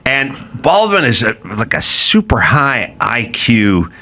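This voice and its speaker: A man's voice: medium pitch, very animated, pushed and bright. A man hosting a podcast, talking in a wry, rambling, opinionated way and drifting into long stories. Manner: rambling, wry, drawn-out storytelling. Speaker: podcast host. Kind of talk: casual opinionated chat.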